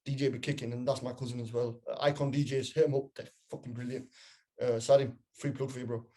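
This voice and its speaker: Fast-talking man telling stories. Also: medium pitch. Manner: animated storytelling, swears casually. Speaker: podcast co-host. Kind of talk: casual chat.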